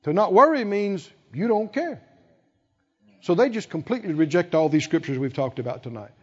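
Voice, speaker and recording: Man, preacher, sermon, very high voice, lively pitch, muffled hall recording. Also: normal speed. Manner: emphatic, acts out quoted voices, rises to loud peaks. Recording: dull, reverberant hall sound.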